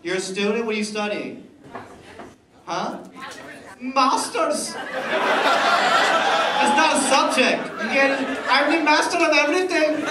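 A man's voice: very high voice, far from the mic. A man doing stand-up, teasing the audience with loose banter on a comedy club stage. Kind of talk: stand-up crowd work. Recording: roomy live club sound, crowd noise.

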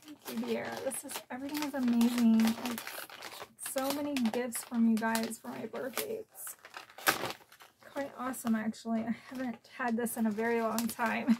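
A woman's voice: on the high side, steady tone, normal speed, very noisy. A woman from Florida opening gifts in an unboxing vlog, gushing and emotional, easily moved to tears. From Florida, USA. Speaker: collector vlogger.

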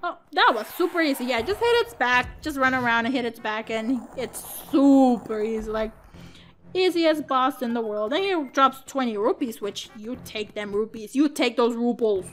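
A woman's voice: a little high, lively intonation, normal speed, fairly bright tone. A woman hosting a game let's-play, chatting in a jokey, self-mocking way. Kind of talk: casual game commentary.

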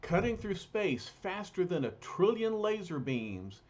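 A man's voice: high voice, sing-song, unhurried, a little mellow. A man retelling a cartoon episode aloud in a dramatic manner with loose asides, in a muffled lo-fi recording. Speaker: storyteller. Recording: muffled lo-fi recording, faint hiss.

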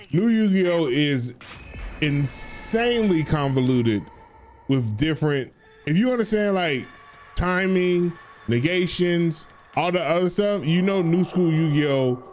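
A male streamer talks casually over his gameplay, rambling and swearing freely as he circles back over his points. His voice sits a little on the high side for a man. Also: a little hiss or hum. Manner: loose, profane, rambling with restarts. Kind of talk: casual gaming livestream commentary.

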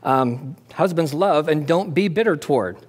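A man preaching an expository sermon as pastor, conversational and animated, asking and answering his own questions and dropping jokey asides. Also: fairly high pitch, moderate pace. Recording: long hall reverb.

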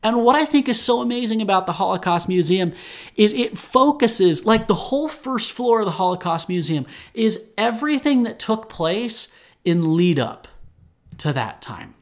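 A man's voice: sits high, normal speed. Earnest young man hosting a podcast. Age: young adult. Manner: earnest, animated, with fillers and restarts. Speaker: podcast host. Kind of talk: solo podcast commentary.

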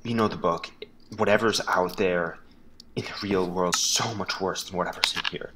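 A man's voice: deep voice, steady tone, moderate pace, very noisy, voice pushed down, close to an everyday voice. A man voicing a frightened, secretive friend in a horror game, giving urgent, insistent warnings. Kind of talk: reading a horror game character's lines.

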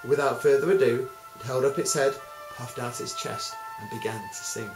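A man, a music teacher, telling a story in a calm, measured way. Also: mid-range voice. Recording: roomy, with music behind.

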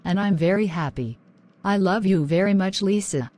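A woman voicing an affectionate young newlywed wife in a cartoon, speaking gently. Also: mid-range voice, normal speed, close to an everyday voice. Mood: loving.

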